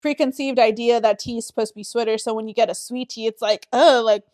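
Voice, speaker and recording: A woman's voice: on the high side, fairly even intonation, quick pace, darkish tone, no echo, clean studio sound. A woman from the Southern United States co-hosting a podcast, chatty and profane, rambling with frequent laughs. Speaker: podcast co-host. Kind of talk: casual podcast chat.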